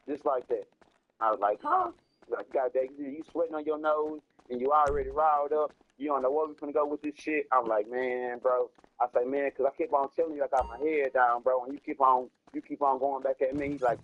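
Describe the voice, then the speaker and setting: A man's voice: medium pitch, a little fast, no echo, phone-quality sound. A man casually telling a long rambling story, repeating himself and cursing, in slangy talk. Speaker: storyteller streaming a game.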